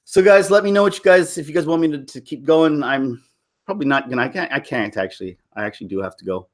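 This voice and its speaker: Man, casual livestream chat, slightly high voice, rambling, laughs a lot, restarts sentences. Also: fast talker. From Toronto, Canada. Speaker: livestream host. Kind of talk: casual live-stream chat.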